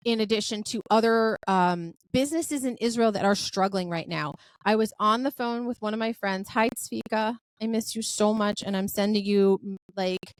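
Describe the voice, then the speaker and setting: Chatty woman podcast host, mid-pitched, gushing and filler-laden, dry close sound. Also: clear, resonant tone, no echo. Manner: chatty and effusive, with many "like" and "um" fillers; lively storyteller who acts out quoted dialogue. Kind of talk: casual podcast chat.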